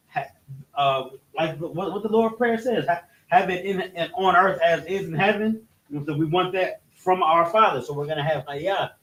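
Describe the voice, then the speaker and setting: Guy teaching a bible lesson, kinda high voice, keeps stopping and restarting, echoey room. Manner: halting, restarts often, pointing at a board. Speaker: religious teacher. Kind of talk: classroom-style scripture lesson. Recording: echoey room, mic at a distance.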